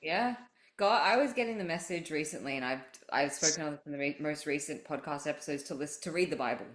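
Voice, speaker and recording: Low, frank woman host swearing freely in an echoey room; animated storyteller for a casual spiritual podcast. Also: fast, a crowd in the background. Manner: candid, profane, animated storytelling. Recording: roomy echo.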